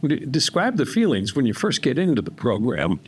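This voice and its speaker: A man's voice: mid-range voice, wildly swooping pitch, moderate pace, a little hiss or hum. A man hosting a podcast interview and prompting his guests with follow-up questions. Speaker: podcast host. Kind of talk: casual interview.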